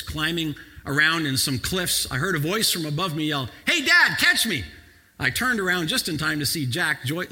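A man preaching a sermon as a pastor, moving from quiet, measured passages to loud, shouting emphasis. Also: fairly high pitch, big-room sound.

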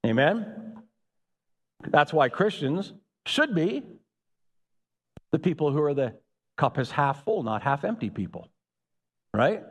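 Pastor, man, high and very animated delivery, big reverberant hall. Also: takes it slowly, pauses often, husky. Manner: animated, calls out to the congregation. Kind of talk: sermon. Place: church. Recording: echoey hall.

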